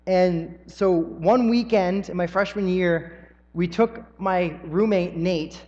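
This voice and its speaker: Young male preacher from the US South, high voice, folksy storytelling delivery, dull recording with long hall reverb. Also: slow, darkish tone. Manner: folksy, storytelling, frequent ums. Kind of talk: sermon.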